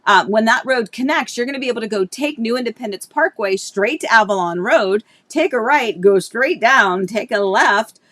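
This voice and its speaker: A woman's voice: on the high side, lively intonation, moderate pace, few pauses, a bit bright, dry recording. A woman real estate agent chatting casually on a live stream, rambling with many restarts. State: tearful at times. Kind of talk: casual livestream chat.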